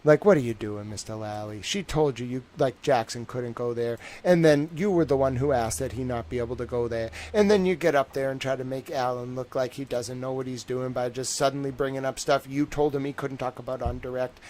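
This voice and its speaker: A man with a Boston accent hosting a livestream, giving casual, animated, slangy commentary on a court trial and repeating his jokes. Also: medium pitch, a little fast, few pauses. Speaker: livestream host.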